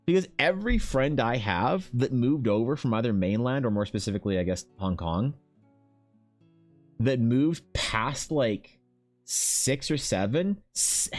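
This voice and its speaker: Casual: young canadian guy streaming, cussing and riffing on chat, mid-pitched voice, faint music behind. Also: darkish tone. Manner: profane, joking, reading chat aloud. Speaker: streamer and artist.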